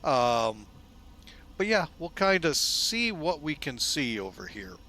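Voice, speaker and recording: A man hosting a flight simulator video in a casual, folksy way, relaxed and loose with lots of fillers, often speaking to viewers as folks. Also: a little high, slow. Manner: chatty, folksy, keeps calling viewers "folks". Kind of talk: casual narrated simulator walkthrough.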